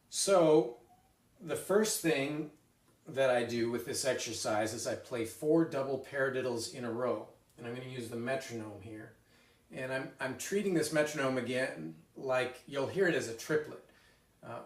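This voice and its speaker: A man teaching a drum lesson, explaining a rudiment exercise in a relaxed way with fillers and restarts, recorded from a distance. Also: medium pitch. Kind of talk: spoken music lesson with demonstrations. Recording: roomy, mic set back. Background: drums and metronome.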